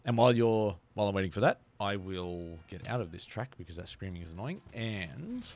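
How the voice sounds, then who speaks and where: A man's voice: lowish voice, very animated, brisk, darkish tone. Chatty male game streamer. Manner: chatty, laughs often, repeats words. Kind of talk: casual live-stream chat while gaming.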